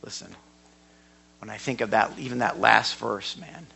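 A man teaching a sermon in a church hall, emphatic and given to repeating words, swinging from quiet to loud. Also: lowish voice, moderate pace, gravelly, slightly rough. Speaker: Bible teacher.

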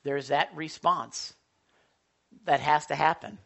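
Animated pastor preaching a sermon. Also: medium pitch, takes it slowly, vocal fry. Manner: animated, asks the congregation questions. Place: church with congregation.

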